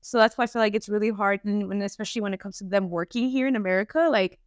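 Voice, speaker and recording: A woman's voice: mid-range voice, very fast, clean tone, dry recording, clean studio sound. A woman whose first language is Spanish, chatting casually and rambling with lots of fillers as a podcast co-host. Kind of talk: casual chat.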